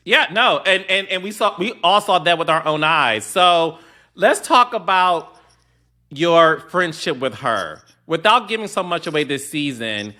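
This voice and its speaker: Male host, bright slightly high voice, measured probing questions. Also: animated. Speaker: podcast host. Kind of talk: interview questions.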